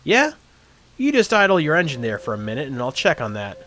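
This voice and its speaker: A man doing a gruff Midwestern guy in his forties. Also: on the high side, huge pitch swings, brisk, exaggerated voice. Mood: brusque. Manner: gruff and clipped, then loud and cheery. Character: brusque middle-aged man, gruff then jovial.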